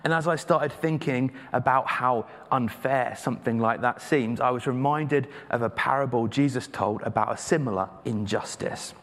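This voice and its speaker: A man's voice: mid-range voice, normal speed, hardly any pauses, fairly bright tone. A man from England preaching a sermon in a conversational, self-deprecating way, with hesitant fillers. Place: church. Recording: reverberant church hall.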